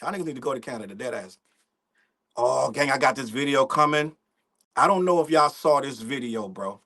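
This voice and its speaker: A man's voice: medium pitch, lively intonation, fairly quick, pushed and bright. A young man hosting a casual livestream, talking in loose slang, rambling, laughing often and reading out the chat. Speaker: livestream host.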